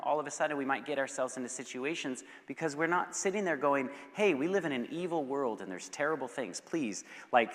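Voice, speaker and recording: Man, preacher, passionate, lively pitch swings, loud then hushed, long hall reverb. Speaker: guest speaker. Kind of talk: passionate youth sermon with Q&A. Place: school assembly hall.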